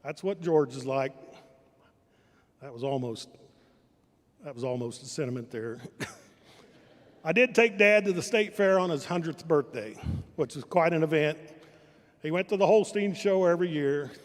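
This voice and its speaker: An older man from Kansas spins deadpan family stories, stopping to correct himself mid-sentence. His voice sits high for a man. It rings with the long echo of a large event hall. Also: normal speed, long pauses. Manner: dry storytelling with self-corrections. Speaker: family member giving a speech. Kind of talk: humorous anecdotal speech. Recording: reverberant hall.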